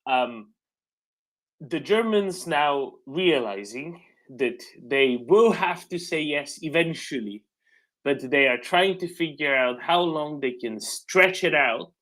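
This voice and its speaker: A man on an online panel calmly explaining how negotiations work, matter-of-fact. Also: fairly high pitch. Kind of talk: casual panel discussion.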